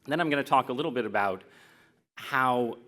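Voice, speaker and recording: A man's voice: mid-range voice, a little fast, fairly bright tone. An American man giving a public lecture as guest speaker, joking at his own expense and often restarting his sentences. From United States. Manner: self-deprecating, joking, with restarts. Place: lecture hall.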